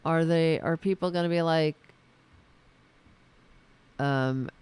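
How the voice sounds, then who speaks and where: A man's voice: on the high side, steady tone, a little mellow, clear, resonant tone. A man hosting a solo political commentary show, ranting with sarcasm and profanity, often stopping and restarting his sentences. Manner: halting, with many restarts and fillers. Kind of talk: angry solo political rant.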